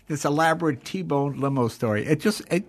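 A man's voice: a little high, fairly quick, dry recording. An older man, a guest in a casual talk, telling anecdotes and acting out the voices of people he quotes. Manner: animated, acts out quoted voices. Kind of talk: casual storytelling.

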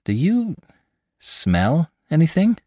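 A male narrator voicing a healthy young attendant with a polite, bewildered manner. His questions rise up from the narrator's low register, and the recording is dry and close. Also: huge pitch swings, slow, warm tone, no room sound, heavily acted. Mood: puzzled.

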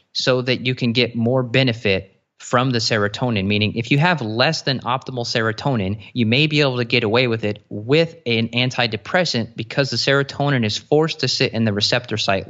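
A man talking as a nutrition guest in a casual interview, explaining eagerly with quick asides and restarts. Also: medium pitch, fairly bright tone, dull audio.

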